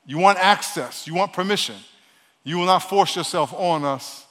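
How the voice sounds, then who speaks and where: Male preacher, New York accent, quick delivery, slightly raised pitch, big reverberant sanctuary sound. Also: fairly bright tone. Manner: fast-talking, call-and-response with congregation. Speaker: pastor. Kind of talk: sermon. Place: church sanctuary. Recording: long church hall reverb.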